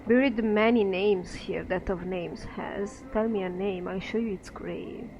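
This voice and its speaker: A woman's voice: medium pitch, measured pace, vocal fry, noisy background. A woman doing an eerie sing-song gravekeeper. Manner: sing-song, chanting, repetitive.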